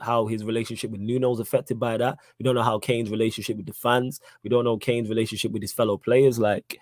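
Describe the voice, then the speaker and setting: A young man with a medium-pitched, darkish voice hosts a live football podcast, recorded dry. In this casual live-stream chat, he reads chat questions in a slangy, emphatic way and keeps repeating his points.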